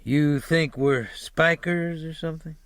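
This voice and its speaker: A man's voice: on the high side, fairly even intonation, measured pace, a bit bright, clear, resonant tone, no room sound, voice pushed up. A man reading aloud puts on a wild, foul-mouthed hippie bus driver who talks in a raised, pushy voice, rambling and swearing as he insists on his point. It is an audiobook character voice, heard close and dry with no room around it. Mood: defensive. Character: wild red-bearded hippie bus driver, profane, edgy.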